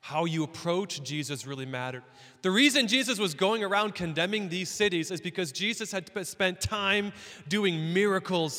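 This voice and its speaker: A man preaching a sermon in a church, talking in a conversational, animated way. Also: sits high, big-room sound. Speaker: pastor.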